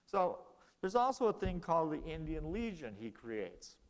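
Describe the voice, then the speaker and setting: A man gives a relaxed history lecture in a slightly higher voice, telling events as a story and acting out the exchanges between the people in it. The room has a long, hall-like reverb. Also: normal speed.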